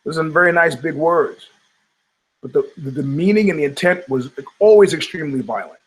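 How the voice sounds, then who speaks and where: A husky male voice, a little high and a little fast, belongs to an older man hosting a talk show. He's a podcast host given to casual, profane rants, and he tells his stories with animation, doing the voices of those he quotes.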